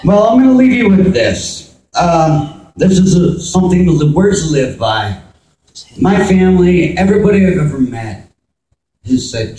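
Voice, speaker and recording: A man's voice: high voice, expressive, measured pace, mellow, recorded from a distance. A man from the US East Coast doing a rambling stand-up set, interrupting himself and laughing at his own jokes. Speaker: stand-up comedian. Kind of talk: open-mic stand-up set. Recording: echoey venue, mic from afar.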